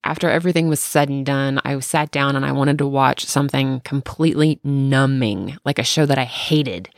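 Podcast co-host, parent, gravelly mid-pitched voice, candid storyteller, dry booth sound. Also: moderate pace, no echo. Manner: candid, animated storytelling with swearing. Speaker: parent of two. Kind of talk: casual chat.

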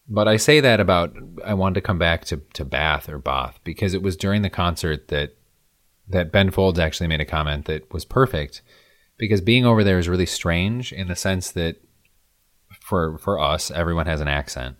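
A man tells stories in relaxed, easy conversation, clearly enjoying himself. His voice sits very low. The sound is close and dry, with no room echo. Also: moderate pace. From American Midwest. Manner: chatty, enthusiastic storytelling. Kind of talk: casual chat.

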